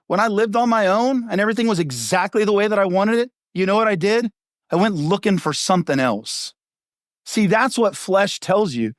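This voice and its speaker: A middle-aged male pastor preaching a sermon in a punchy, conversational way, full of rhetorical questions and quick asides. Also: high voice, expressive, dry recording, clean studio sound. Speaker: lead pastor.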